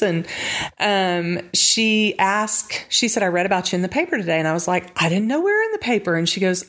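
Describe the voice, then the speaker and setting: Lively storytelling woman, low-pitched voice. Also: brisk. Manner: animated, acts out quotes with high pitch jumps, laughs often. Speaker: nonprofit founder, guest. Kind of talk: casual storytelling interview.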